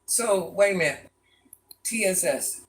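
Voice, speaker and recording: An older woman with a deep, gravelly voice, chatting bluntly with her live-stream viewers from a room in her home and calling them baby and hon. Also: expressive, measured pace. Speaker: vlogger reading live chat. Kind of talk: casual live-stream chat.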